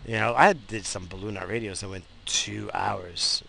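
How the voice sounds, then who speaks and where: A man's voice: lowish voice, steady tone, moderate pace, gravelly, crowd noise. A tired man hosting his own show, talking in a casual, rambling way with many restarts and fillers while driving. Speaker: podcast host. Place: in a car, driving.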